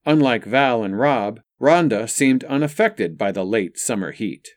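A man narrating an audiobook in a steady, even reading style. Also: mid-range voice, a little slow, no echo, studio quality.

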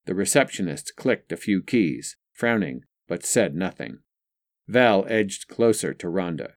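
Low-voiced man narrating an audiobook. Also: sing-song, measured pace, dry recording, studio quality. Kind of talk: scripted narration.

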